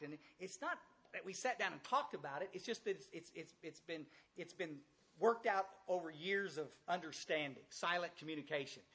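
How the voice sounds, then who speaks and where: A blunt older man with a drawl gives a folksy recovery talk to a large room of a few hundred listeners. His husky voice sits a little high for a man and is a bit bright. He keeps repeating phrases and tosses direct questions out to the room.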